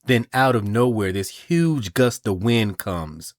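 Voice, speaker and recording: A man hosting a podcast, recapping a comic book in an animated, casual way with the odd swear word. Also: lowish voice, slow, dry recording. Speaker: podcast host.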